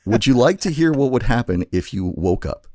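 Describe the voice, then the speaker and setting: Brief: deep husky male podcast host, lively storyteller delivery, dry close sound. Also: no room sound. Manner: low gravelly voice, slow dramatic storytelling. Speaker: podcast co-host telling a choose-your-own-adventure story. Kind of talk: casual chat and dramatic story narration.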